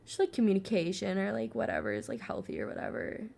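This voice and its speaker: A woman's voice: medium pitch, sing-song, quick pace, vocal fry, a little mellow. A young adult woman chatting casually while she paints, rambling with lots of fillers and swearing freely. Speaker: artist and vlogger.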